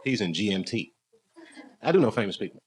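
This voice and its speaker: A man's voice: on the low side, animated, brisk. An American man doing stand-up with crowd work in a club, loose and rambling, chuckling at his own jokes. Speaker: stand-up comedian. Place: dark comedy club, indoors.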